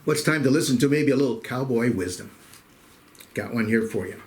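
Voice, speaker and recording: A man's voice: mid-range voice, brisk. A middle-aged man hosting a weekly show, telling jokes in a folksy, casual monologue and calling his listeners "folks.". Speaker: host.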